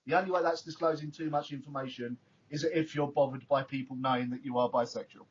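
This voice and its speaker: A man's voice: steady tone, quick pace. A man hosting a casual podcast, wry and teasing, often laughing. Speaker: podcast host. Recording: dull lo-fi audio with faint rumble.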